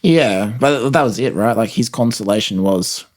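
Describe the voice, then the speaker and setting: A man co-hosting a podcast in relaxed conversation, slowly and thoughtfully unpacking what a scene means. His voice sits on the low side for a man, and his delivery stays easygoing and reflective. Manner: thoughtful, explains scenes at length. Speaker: podcast co-host. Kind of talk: casual chat.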